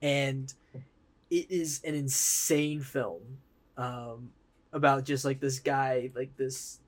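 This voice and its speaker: Excited man pitching a movie. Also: slow pace. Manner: excited, pitching with hesitant fillers. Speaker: podcast co-host. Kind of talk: casual chat.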